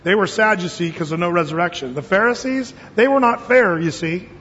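Male pastor, high voice, folksy joking sermon, dull recording with long hall echo. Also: brisk, a bit bright, a little hiss or hum. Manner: folksy storytelling with jokes and quoted voices.

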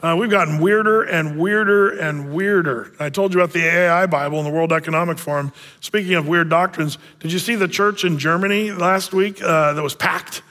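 A man's voice: on the high side, fairly quick, hardly any pauses, sharp tone. Man preaching in a reverberant hall. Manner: conversational preaching with frequent fillers. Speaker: pastor. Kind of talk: sermon.

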